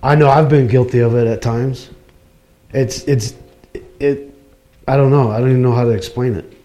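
A man's voice: mid-range voice, fairly even intonation, normal speed, dark tone, faint music behind. A middle-aged man giving an informal, earnest church talk, speaking personally and conversationally. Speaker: lay preacher.

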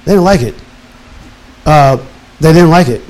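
A man in his fifties, retired from military service, tells his life story in casual, animated talk and acts out his own past words. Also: on the high side, measured pace, low-quality recording. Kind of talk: casual personal testimony.

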